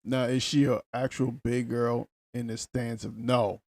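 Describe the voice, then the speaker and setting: A man's voice: mid-range voice, little pitch movement, measured pace, gravelly, darkish tone, dry recording, clean studio sound. A man co-hosting a podcast, cutting in with blunt remarks in a casual chat. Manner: blunt, insistent interjections. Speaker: podcast co-host.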